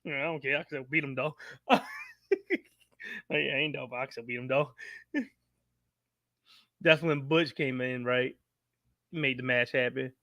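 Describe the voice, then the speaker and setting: A man with a bright, slightly higher voice gives blunt, slangy opinions in a casual podcast chat. The sound is dry and close. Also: fairly even intonation, a little slow, long pauses, no echo, highs cut off. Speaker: podcast co-host.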